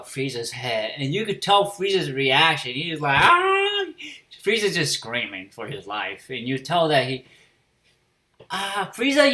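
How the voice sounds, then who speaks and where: A man giving a casual spoken review of an anime episode, swearing freely and filling pauses with fillers and restarts. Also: medium pitch, pushed and bright.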